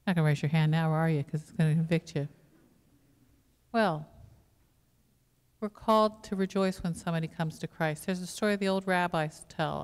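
A woman's voice: deep voice, a little mellow, clear, resonant tone. Woman pastor preaching in a reverberant church. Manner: conversational preaching with rhetorical questions to the congregation. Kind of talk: sermon. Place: church sanctuary.

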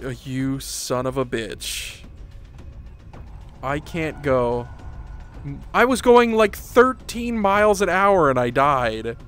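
A man commenting on a VR rollercoaster game, swearing, pleading and laughing, with frequent swings into panicked yelling. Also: fairly high pitch, very animated, takes it slowly, smooth, faint music behind. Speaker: gaming YouTuber. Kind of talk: VR gameplay commentary.

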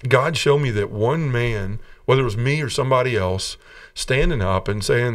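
A man, a podcast guest, earnestly telling his personal testimony as a lively storyteller. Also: mid-range voice, moderate pace, far from the mic.

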